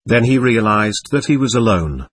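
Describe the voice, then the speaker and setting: A man narrating an audiobook in a measured, expressive storytelling manner, recorded on a close mic. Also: lowish voice, slightly rough, dry recording. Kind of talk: scripted narration.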